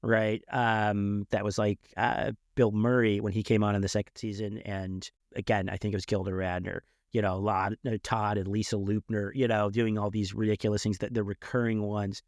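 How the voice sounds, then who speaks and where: A man's voice: lowish voice, flat delivery, normal speed, hardly any pauses, darkish tone, dry recording, studio quality. A middle-aged man co-hosting a podcast, reflecting aloud with rhetorical questions in casual chat. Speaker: podcast co-host.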